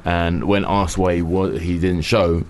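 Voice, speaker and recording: A man with a very deep, low voice chats casually with a co-host. He tells his stories in a wry, dry and offhand way, dropping swear words as he goes. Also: flat delivery, a little slow, a little mellow. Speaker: podcast co-host. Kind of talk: casual chat.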